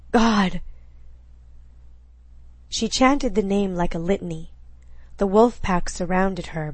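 A woman reading a novel aloud in scripted narration, with a steady, suspenseful delivery. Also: lowish voice, no echo. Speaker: audiobook narrator.

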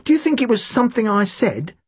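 A man's voice: high-pitched, big pitch swings, quick pace, darkish tone, husky, no echo, voice pushed up, heavily acted. A man voicing a cheerfully tactless, bumbling male detective who cracks puns without noticing the harm. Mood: tactless jokey. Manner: jokey, oblivious, punning.

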